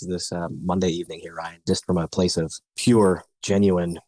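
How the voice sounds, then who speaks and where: A man's voice: low voice, flat delivery, normal speed, mellow, no room sound, low-quality recording. A man hosting a podcast talks on a live broadcast, earnest and searching for words. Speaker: podcast host.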